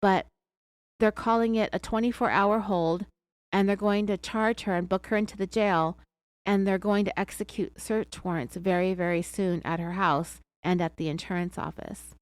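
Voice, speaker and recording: A woman's voice: medium pitch, fairly even intonation, normal speed, clear, resonant tone, dry recording. Sarcastic American woman narrating true crime. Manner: sarcastic, chatty commentary. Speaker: podcast host.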